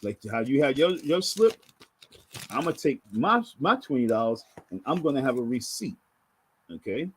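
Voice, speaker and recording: A man's voice: medium pitch, very animated, moderate pace, fairly bright tone, slight background noise. A man ranting to camera in a profane, scolding monologue, hammering his points through repetition. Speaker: vlogger.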